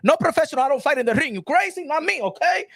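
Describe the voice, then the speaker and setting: A man's voice: extremely high pitch, expressive, fast, gravelly, fairly bright tone, no echo, studio quality, voice pushed up, full character voice. A man imitating an indignant Latino male boxer who refuses to fight, speaking emphatic broken English with a Spanish accent.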